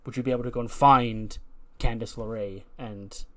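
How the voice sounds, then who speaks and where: A man's voice: mid-range voice, steady tone, normal speed, a bit bright, close to an everyday voice. A man voicing a hesitant male wrestling authority figure who stalls with "uh"s. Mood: persuasive. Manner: hesitant, full of "uh"s.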